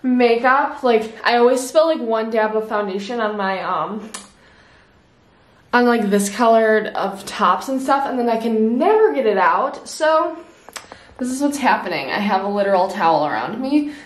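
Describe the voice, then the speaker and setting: A young woman talks casually to her camera at home, rambling and laughing between thoughts. Her voice sits a little high. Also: animated, moderate pace. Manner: chatty, rambling, lots of ums and laughs. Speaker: vlogger. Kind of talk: casual vlog chat. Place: home office.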